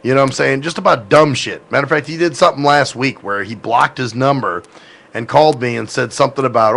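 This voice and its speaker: Male podcast host, gravelly, rambling and profane, casual tone. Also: medium pitch, brisk, fairly bright tone. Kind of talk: casual chat.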